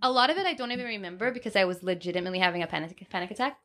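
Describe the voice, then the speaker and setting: A woman's voice: medium pitch, racing, fairly bright tone. A woman in casual chat, animatedly telling personal stories, acting out quotes and laughing often. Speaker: guest.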